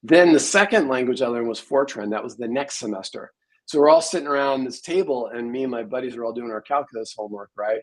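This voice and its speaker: A man's voice: mid-range voice, quick pace, poor audio. A man in his sixties, a programmer, telling rambling stories in a casual interview. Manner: rambling storyteller, many fillers.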